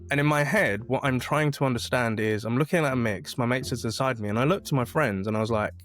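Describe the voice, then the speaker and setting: A man's voice: mid-range voice, fast talker, soft background music. A man, a podcast guest telling a personal story in a casual way and acting out the voices of other people. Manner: animated, acts out quoted voices.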